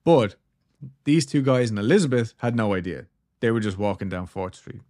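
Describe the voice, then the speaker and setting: A man with a lowish voice hosts a casual podcast. He tells an eerie story in a loose, rambling way, cracking jokes and swearing as he goes. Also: animated, normal speed, dark tone. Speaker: podcast host.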